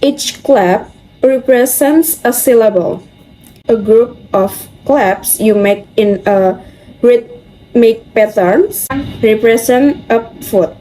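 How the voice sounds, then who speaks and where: A young woman reading a class presentation aloud from a script, steady with small slips. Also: fairly high pitch, slow, poor audio. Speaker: student presenter.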